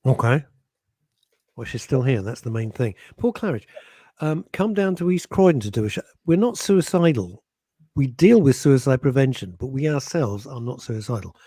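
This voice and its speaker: Animated husky male radio host. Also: mid-range voice, normal speed, dry recording. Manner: animated, jokey, laughs often. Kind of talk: casual radio chat. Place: radio studio.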